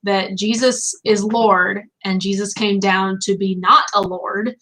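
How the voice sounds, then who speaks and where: A woman's voice: mid-range voice, fairly even intonation, measured pace, fairly bright tone, rough recording. Earnest woman explaining faith. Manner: earnest, explanatory, with many fillers. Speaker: teaching pastor. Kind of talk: casual discussion.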